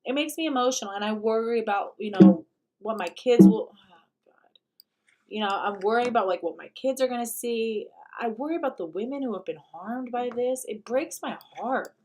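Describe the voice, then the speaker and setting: A woman's voice: on the high side, lively intonation, normal speed, mellow, a little hiss or hum. A woman hosting a talk show, reacting to a video clip in blunt, emphatic, profane commentary. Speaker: host.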